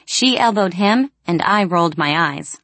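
A woman narrating a first-person audiobook in an expressive, storytelling way. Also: mid-range voice, moderate pace, no room sound.

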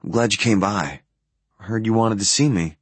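A man voicing a pale, worn-out young man who answers in low, evasive, quiet phrases. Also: moderate pace, slightly rough, no echo.

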